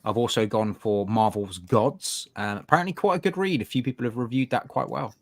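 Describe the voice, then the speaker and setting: A man's voice: mid-range voice, a little fast, no room sound. Man, co-host, mid-range voice, dry teasing humour, casual chat. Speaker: comics show co-host. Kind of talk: casual live-stream chat.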